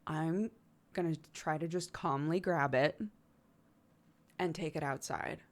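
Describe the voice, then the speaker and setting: A woman voicing a calm middle-aged mother who talks quietly and reassuringly. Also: sits low, slow pace. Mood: soothing.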